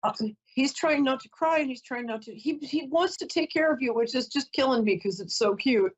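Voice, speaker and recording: A woman's voice: sits high, fairly quick, husky, highs cut off. A woman giving a live call-in psychic reading, chatty and emotional, often breaking off to apologize. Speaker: psychic reader.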